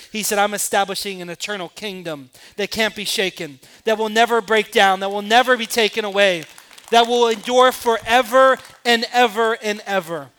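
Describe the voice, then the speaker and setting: Male pastor, sermon, high voice, bright tone, impassioned, emphatic. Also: clean tone. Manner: impassioned preaching, rising to emphatic peaks and dropping to quiet asides.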